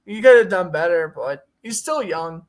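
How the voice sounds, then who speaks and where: A young man with a high-pitched voice co-hosts a casual hockey talk show. He is opinionated and jokey as he runs through player signings. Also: expressive, normal speed. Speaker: podcast co-host. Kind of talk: casual sports chat.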